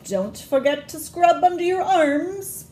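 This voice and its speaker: A woman's voice: very high-pitched, expressive, slow pace, mellow, reverberant, a little hiss or hum, pitched above the performer's own voice, full character voice. A woman voicing a cheerful, bossy pirate mother with a sing-song, emphatic delivery in a storybook reading. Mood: cheery.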